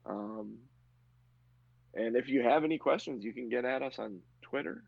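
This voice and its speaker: A man's voice: medium pitch, normal speed, gravelly, breathy edge, no echo, narrow, tinny audio. A man narrating a tabletop game as game master, with frequent fillers and laughter. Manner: filler-heavy, laughs often. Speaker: game master and podcast host.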